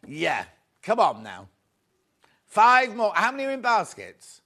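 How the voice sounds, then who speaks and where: Chatty shopping-show host. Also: male voice, sits high, sing-song, moderate pace, bright, forceful tone. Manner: upbeat, chatty, greets viewers by name. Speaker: shopping channel presenter. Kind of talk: live shopping show selling.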